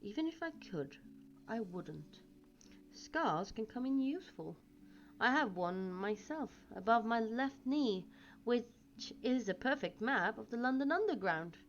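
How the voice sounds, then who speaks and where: A kindly, unhurried old wizard who weighs each word, as a woman reads him aloud. Her voice rises and falls freely. The sound is dull and lo-fi, with faint music in the background. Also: fairly high pitch, lively intonation. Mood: calm. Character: old wise male wizard, calm and kindly.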